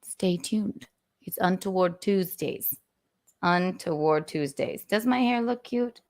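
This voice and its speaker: Taking it slowly, she talks in a lowish, darkish voice with lively intonation. She's hosting her own live stream casually and theatrically, humming playful nonsense while adjusting her studio mic's volume.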